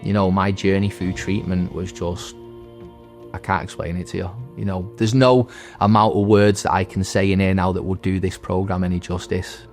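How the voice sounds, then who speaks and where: A man in his thirties tells his own story in a deep, low voice, halting and restarting as he goes. His delivery stays even and level, with little rise and fall, and soft music plays faintly behind him. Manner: earnest, halting, with many restarts. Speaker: veteran and recovery centre graduate and staff member. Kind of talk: personal testimony.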